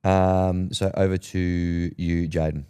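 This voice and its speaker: Smooth low-voiced Australian male host. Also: flat delivery, takes it slowly, warm tone. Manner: upbeat, reassuring, conversational. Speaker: podcast host reading listener voice notes. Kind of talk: casual chat.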